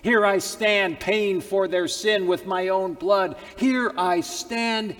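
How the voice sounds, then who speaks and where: A preacher voicing Jesus, slow and weighty, pleading before God in a raised solemn tone. The words ring out in a long hall reverb. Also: male voice, sits high, fairly even intonation, a bit bright, pitched above the performer's own voice.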